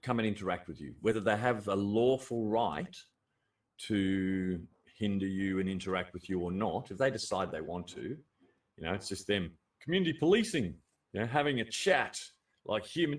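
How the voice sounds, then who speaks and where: Australian man, livestream host, blunt and animated, very expressive pitch, slightly distant mic. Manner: animated and blunt, swears freely, laughs often. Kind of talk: casual livestream chat.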